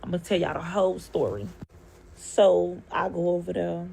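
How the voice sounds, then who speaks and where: A young woman, telling a story with animated, profane emotion. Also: on the low side, moderate pace, gravelly, slight background noise. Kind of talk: storytime vlog.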